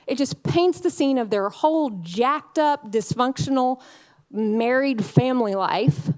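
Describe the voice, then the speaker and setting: A woman's voice: high voice, unhurried, a little mellow. A woman preaching a conversational sermon in a candid, chatty way, full of fillers and frequent laughs.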